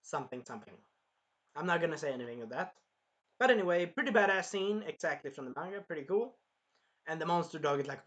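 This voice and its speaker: Excitable man reviewing anime. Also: on the high side, fast. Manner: excitable, swears casually. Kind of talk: casual review vlog.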